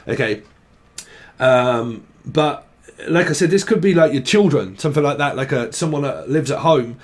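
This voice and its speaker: A man's voice: on the high side, lively intonation, normal speed. A young man giving a casual tarot reading, rambling and swearing as he thinks aloud. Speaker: tarot reader.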